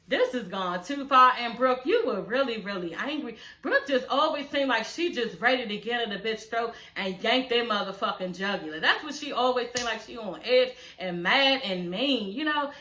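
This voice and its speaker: Bright-voiced woman recapping reality TV. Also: a little high, normal speed, roomy sound, low-quality recording. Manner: animated, profane, laughing asides. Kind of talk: casual recap commentary.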